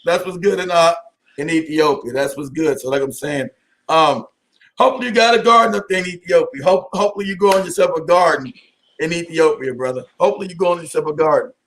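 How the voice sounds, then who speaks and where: Animated high-pitched man on a live stream. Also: fast talker. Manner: animated, laughing, addresses viewers by name. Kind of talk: casual live-stream talk reading viewer chat.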